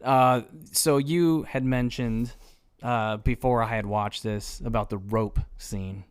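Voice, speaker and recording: A man co-hosting a casual podcast, talking about a film in an easygoing, relaxed way. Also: medium pitch, slow, clean tone. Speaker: podcast co-host. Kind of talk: casual chat.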